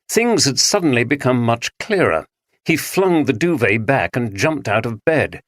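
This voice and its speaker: A man reading a mystery audiobook aloud in a measured storytelling manner, also speaking the detective's lines. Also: medium pitch, lively intonation, no room sound, clean studio sound. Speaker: audiobook narrator. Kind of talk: scripted audiobook narration.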